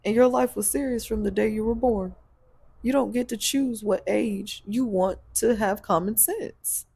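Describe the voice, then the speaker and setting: Gravelly-voiced blunt woman host. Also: on the high side, a little slow, darkish tone. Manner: blunt, preachy, laughs often. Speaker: podcast host and spiritual practitioner. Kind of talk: casual chat.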